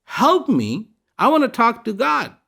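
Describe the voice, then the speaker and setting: Brief: man voicing a desperate praying woman, gravelly and insistent. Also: mid-range voice, sing-song, takes it slowly, heavily acted. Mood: indignant. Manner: pleading, repetitive, then indignant. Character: desperate woman pleading with God, later furious.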